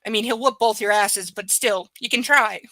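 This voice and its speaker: A woman's voice: mid-range voice, normal speed, pushed and bright, no echo, poor audio. A woman chatting casually from home during a live book reading, rambling and swearing freely. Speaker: book reader streaming live.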